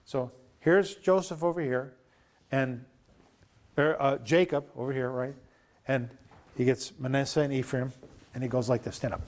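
A man preaching an informal sermon at an evening fellowship, retelling a story in a lively, conversational way. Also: mid-range voice, normal speed, long pauses, a little hiss or hum. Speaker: pastor.

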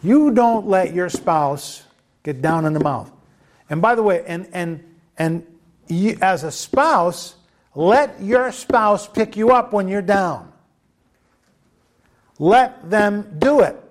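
A male preacher delivering a sermon in a somewhat high voice. He speaks with emphasis, repeats phrases again and again and keeps asking his listeners questions. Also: lively intonation, takes it slowly.

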